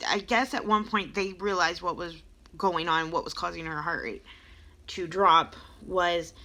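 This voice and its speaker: Brief: young woman vlogger, bright tone, unhurried, halting and emotional storytelling. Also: on the low side. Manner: emotional, halting, many ums, close to tears. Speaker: vlogger telling her birth story. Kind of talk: casual storytelling to camera.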